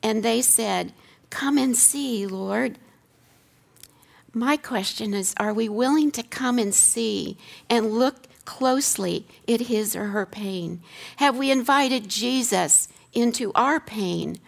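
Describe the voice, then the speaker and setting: A woman's voice: on the high side, slow, gravelly. A middle-aged woman gives an earnest teaching talk on scripture. She asks rhetorical questions and repeats key lines for emphasis. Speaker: seminary teacher giving a talk.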